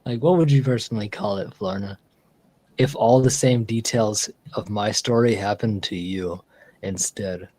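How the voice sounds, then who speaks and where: A man's voice: fairly low pitch, normal speed, darkish tone, no room sound, poor audio. A man streaming casually, telling a long story with lots of fillers and restarts. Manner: rambling storyteller with many fillers. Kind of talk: casual live-stream chat.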